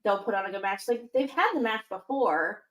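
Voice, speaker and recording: A woman's voice: medium pitch, lively intonation, brisk, a bit bright, echoey room, rough recording. A woman co-hosting a wrestling podcast, chatting casually and rambling through restarts and fillers. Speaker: podcast co-host.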